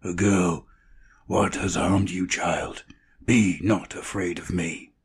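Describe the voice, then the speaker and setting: A man voicing a stern, calm wandering swordsman who speaks softly and coldly, in an audiobook reading. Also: sits low, slow, slightly rough, heavily acted. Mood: gentle. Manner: soft and soothing, then cold.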